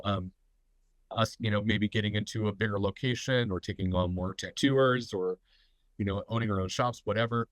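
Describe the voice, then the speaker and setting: A man's voice: fairly low pitch, dry recording, rough recording. A man with a stuffy, congested voice hosting a live business talk for tattoo artists, rambling with lots of fillers and restarts.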